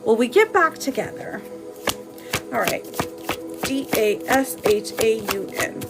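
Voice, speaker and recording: A woman giving casual tarot readings on a live stream, chatting warmly with viewers and laughing often. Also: fairly high pitch, expressive, measured pace, vocal fry, over loud music, rough recording.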